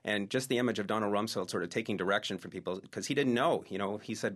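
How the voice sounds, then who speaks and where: A man's voice: lowish voice, fast talker, fairly bright tone. A man, a researcher and oral historian, eagerly telling anecdotes as an interview guest.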